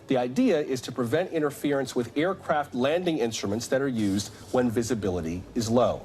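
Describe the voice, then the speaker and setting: A man anchoring a news program, reading a scripted report and then questioning a guest in a clear, measured manner. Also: mid-range voice, darkish tone. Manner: clear, measured newsreader delivery.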